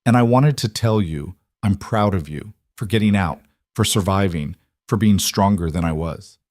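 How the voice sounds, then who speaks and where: A man's voice: low voice, normal speed, darkish tone, no room sound, lightly acted. Regretful middle-aged mother, read by a man, strained, resolute, dry. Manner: strained, determined.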